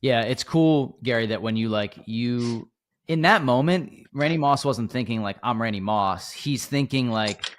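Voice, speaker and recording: A man's voice: medium pitch, measured pace. A man co-hosting a podcast, reflecting thoughtfully on the guest's story. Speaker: podcast co-host. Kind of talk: casual interview chat.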